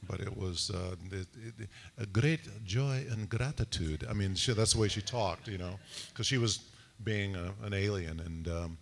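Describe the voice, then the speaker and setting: A man's voice: low voice, fairly even intonation, moderate pace, creaky. A male actor on a convention panel, rambling casually with lots of fillers and restarts.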